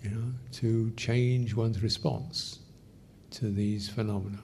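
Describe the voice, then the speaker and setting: A man teaching meditation in a question-and-answer session, speaking gently in short, halting phrases with soft laughs. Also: fairly low pitch, steady tone, a little hiss or hum. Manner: gentle, unhurried, often laughs softly. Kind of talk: dharma Q&A teaching.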